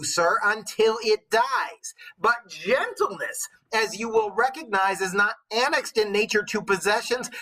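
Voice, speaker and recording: A man's voice: very high voice, sharp tone, voice pushed up, exaggerated voice, rough recording. A man voicing a shrewd old woman who lectures her knight husband, in a witchy voice, as a dramatic verse read-aloud. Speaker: teacher.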